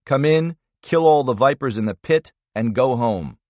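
A man reading a thriller audiobook in measured, expressive narration. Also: mid-range voice, no echo.

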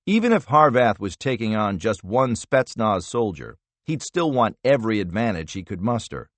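Man narrating a thriller audiobook, measured, lively pitch, dry close mic. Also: no room sound.

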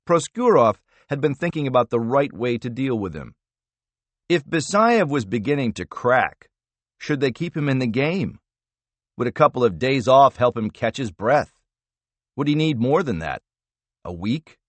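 A male audiobook narrator reads a thriller in a measured, expressive way. His pitch moves a lot, giving the narration lively swings. The recording is close and dry. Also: no echo.

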